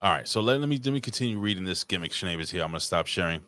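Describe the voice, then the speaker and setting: A man's voice: low voice, lively intonation, rapid-fire, bright, forceful tone, no echo. A man hosting a casual chat over a remote call, blunt, profane and teasing. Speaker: podcast host.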